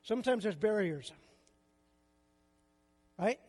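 A man's voice: high voice, animated, slow, mellow, in a large hall. An older man preaching a sermon as a pastor, with a conversational style full of rhetorical questions.

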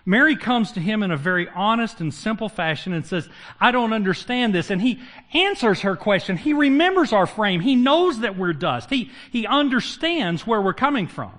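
A man's voice: high-pitched, normal speed. A man preaching a sermon, retelling Bible stories and acting out the characters with humor. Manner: lively, acts out biblical characters with humor. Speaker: pastor.

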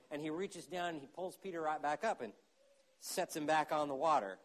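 A man preaching with a slightly higher voice, full of animation. He builds to loud, urgent peaks and then drops to hushed, intense stretches. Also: brisk. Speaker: pastor. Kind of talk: sermon.

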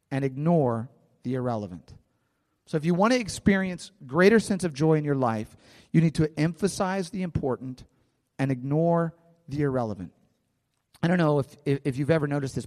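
A man's voice: on the high side, a little mellow. A male pastor preaching a sermon in a conversational way, telling stories and often restarting his phrases. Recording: long hall reverb.

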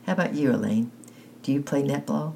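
A man reading a gentle, tired father. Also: medium pitch, a little fast, vocal fry, slight background noise, voice pushed up. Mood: peaceful. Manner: peaceful, calm.

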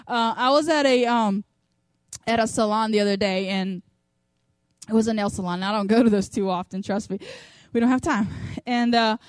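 A woman's voice: fairly high pitch, moderate pace, no echo. Chatty storytelling woman preacher. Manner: chatty, storytelling, acts out quotes. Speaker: women's ministry speaker. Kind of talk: sermon.

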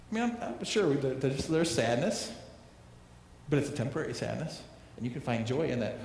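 A man's voice: medium pitch, big pitch swings, moderate pace, gravelly, a little mellow, slight background noise. A male pastor preaching a sermon, emphatic, repeating phrases and asking rhetorical questions. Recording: echoey hall reverb, faint ambience.

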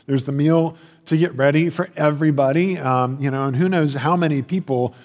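A man's voice: fairly high pitch, a little fast, a little mellow. A male pastor giving a conversational sermon, telling stories and often restarting or repeating his words. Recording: long hall reverb.

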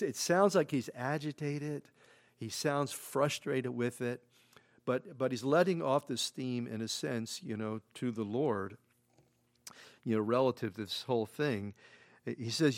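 Brief: middle-aged man, pastor, casual chatty sermon, mid-range voice, hushed then suddenly loud. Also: medium pitch. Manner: conversational, repeats himself, frequent "you know"; swings from hushed to loud emphatic bursts. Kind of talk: expository sermon.

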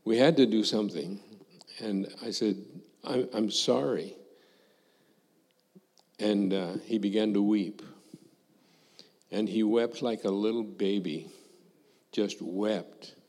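An older man, a former missionary, telling a personal testimony to a congregation in a slow, reflective way, acting out the dialogue he recalls. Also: lowish voice, a little mellow, big-room sound.

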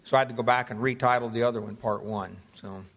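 A man preaching a Bible study sermon, reading old-fashioned scripture slowly and deliberately, then explaining it in a measured teaching voice. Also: medium pitch, steady tone, fairly bright tone. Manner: reads King James scripture slowly and deliberately; measured teaching delivery with fillers and restarts.

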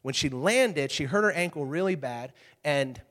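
A man in his thirties speaking to a live group, telling stories in an energetic, animated way with asides to the crowd. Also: on the high side, moderate pace. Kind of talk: energetic talk to an audience. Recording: reverberant hall.

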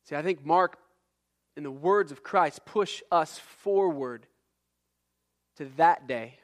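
A man's voice: a little high, takes it slowly. A man preaching a sermon, reading scripture and building intensity through repeated phrases. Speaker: pastor.

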